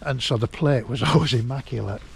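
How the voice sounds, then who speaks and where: A man, telling a personal memory in a halting, emotional way and laughing through it, recorded outdoors in a garden. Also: mid-range voice, gravelly, slight background noise. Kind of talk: casual storytelling.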